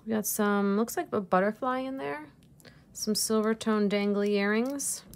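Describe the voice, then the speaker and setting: A woman's voice: medium pitch, unhurried. A woman reseller chatting casually through an unboxing, gushing over each piece and laughing at herself. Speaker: jewelry reseller vlogger.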